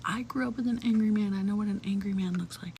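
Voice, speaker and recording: A young adult woman rattles through a personal story fast in a medium-pitched voice, chatty and casual, heavy on "like" fillers and cursing, with whispery asides dropped in. The audio is poor, carrying a little hiss or hum.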